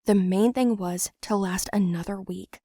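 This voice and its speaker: A woman's voice: mid-range voice, steady tone, measured pace, mellow, dry recording. Brief: young female narrator, matter-of-fact storybook read, dry close mic. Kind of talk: scripted first-person storybook narration.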